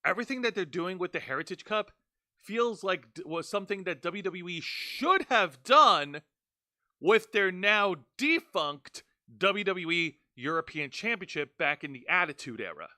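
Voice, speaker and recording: Bright, lively-voiced man, excited. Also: high-pitched, normal speed, dry recording, clean studio sound. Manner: enthusiastic, excitable. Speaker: wrestling review co-host. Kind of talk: casual chat.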